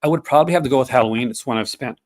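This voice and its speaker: A man's voice: medium pitch, racing. A man in his fifties hosting a casual chat, rambling with many fillers and restarts. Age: 50s. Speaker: podcast host.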